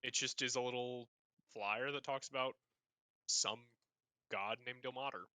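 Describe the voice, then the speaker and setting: A man's voice: mid-range voice, steady tone, unhurried, pushed and bright, no echo. A young man running a tabletop game as game master, casual and joking, often restarting his sentences.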